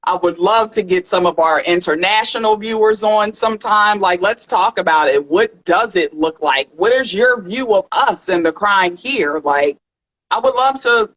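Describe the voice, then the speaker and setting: A woman co-hosting a casual podcast chat, animated, laughing often and swearing freely. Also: medium pitch, normal speed, low-quality recording. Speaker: podcast co-host.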